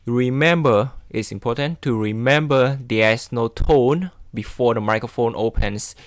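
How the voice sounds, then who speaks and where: A man's voice: medium pitch, unhurried. Hesitant man explaining tips. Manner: hesitant, with frequent ums and self-corrections. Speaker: English test tutor. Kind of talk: reading and explaining study tips.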